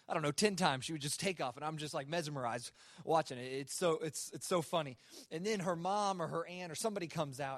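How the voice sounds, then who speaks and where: A young man giving a sermon to a student worship gathering, telling a personal story in a relaxed, conversational way with self-mocking humor and plenty of fillers. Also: a little high, dry recording, clean studio sound. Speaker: speaker at a student worship service. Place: live worship service.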